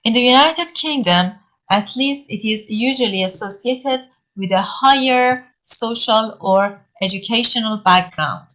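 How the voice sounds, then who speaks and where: Woman w/ lecturing slowly over a video call, lots of uh and um. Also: a little high, a bit bright, poor audio. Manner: slow, with frequent fillers and repeated words. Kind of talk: online linguistics lecture.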